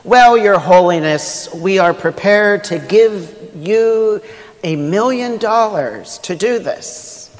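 Eager salesman making his pitch, put on by a male pastor telling a joke; slow, echoing hall. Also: animated. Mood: pleading.

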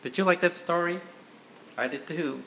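A father reading a children's picture book aloud to his kids in a gentle, playful, animated way. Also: fairly high pitch, moderate pace, vocal fry, a little hiss or hum.

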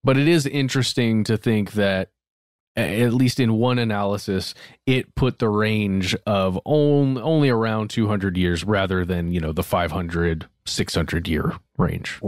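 A man's voice: lowish voice, measured pace, dry recording, clean studio sound. A man co-hosting a podcast, making his points in an earnest, hedging way with frequent restarts. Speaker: podcast co-host. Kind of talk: casual conversational discussion.

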